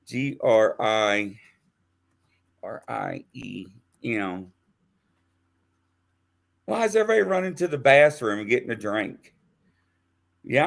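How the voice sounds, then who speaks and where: Lively laughing man with a gravelly voice. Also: medium pitch. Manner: laughs a lot, spelling out names while typing. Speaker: show host. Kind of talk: casual live-stream chat.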